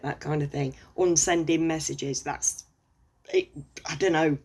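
Middle-aged English woman, low and husky, sweary sarcastic ranter. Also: unhurried, a little mellow. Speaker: vlogger. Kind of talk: casual rant to camera.

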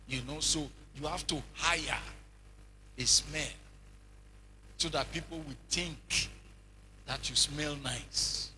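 A man preaches in an animated, joking manner and keeps firing rhetorical questions. His voice is notably high and very bright and cutting, with faint noise underneath. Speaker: bishop, preacher. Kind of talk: sermon.

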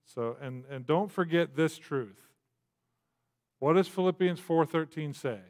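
A man's voice: fairly high pitch, unhurried, darkish tone. A man delivering a sermon from the pulpit in a loose, talkative manner. He speaks in a slightly raised voice, drops in fillers and asides, and acts out little voices as he goes. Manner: conversational preaching with frequent fillers and asides. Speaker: pastor. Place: church.

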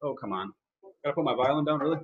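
A man's voice: medium pitch, rapid-fire, slightly rough, phone-quality sound. A man teaching a live online violin lesson, explaining casually with fillers.

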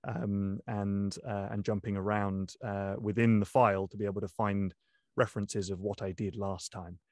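Low-voiced young man, dry close sound. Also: level tone, normal speed, no echo. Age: young adult. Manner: thoughtful, many ums and restarts. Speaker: audiobook narrator. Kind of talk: interview guest, casual talk.

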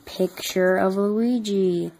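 A woman's voice: mid-range voice, fairly even intonation, slow pace, vocal fry, dark tone, poor audio. A worn-out young woman talks to her phone at night from her couch, drowsy and rambling between yawns. A faint hiss of noise sits under her voice. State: exhausted. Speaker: vlogger. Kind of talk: sleepy late-night chat to camera.

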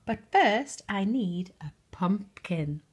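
A woman voicing a kind fairy godmother with a gentle, musical way of speaking in a storybook reading. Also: medium pitch, expressive, slow pace, slightly rough.

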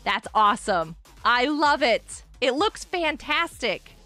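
A woman live-streaming a block-building game, excitedly chatting with viewers and cheering players on. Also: sits high, slow pace, soft background music. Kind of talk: live Minecraft stream chat.

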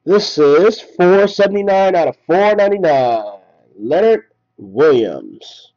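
Excitable man calling out pulled cards. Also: sits high, slow pace, lo-fi sound. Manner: rattles off names, excited at big hits. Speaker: card break host. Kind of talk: live card-opening commentary.

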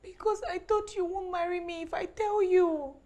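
A woman's voice: extremely high pitch, takes it slowly, a little mellow, heavily acted. An actress with a Nigerian English accent playing a guilt-stricken mother and wife who begs for forgiveness in tears. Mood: pleading. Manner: tearful pleading. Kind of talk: film drama acting.

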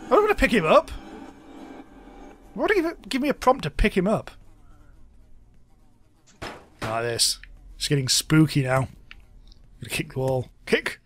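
Soft music plays behind a young gaming YouTuber as he talks through a video game at normal speed, chatty and wry, breaking into exclamations at standout moments and leaving long pauses. Expressive and fairly bright in tone, his slightly high voice swings broadly in pitch, and he sounds close to his desk mic.

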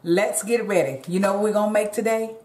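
A woman's voice: mid-range voice, fairly even intonation, fairly quick, darkish tone. A woman hosting a home cooking vlog, chatting casually to her viewers in her kitchen. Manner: chatty, talks straight to viewers as "y'all". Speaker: cooking channel host. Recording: roomy echo.

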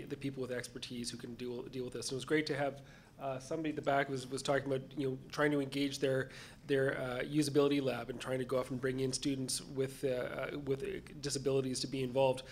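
A man speaking on a conference panel, halting and repeating words as he searches for phrasing. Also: medium pitch, flat delivery, slight background noise. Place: conference session room.

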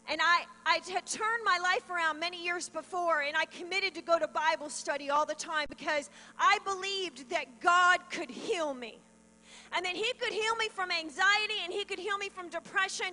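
A middle-aged pastor's wife gives her testimony as a sermon from a church stage, her very high-pitched voice bright and forceful. She's earnest and emotional, and the reverberant hall carries a mains hum.

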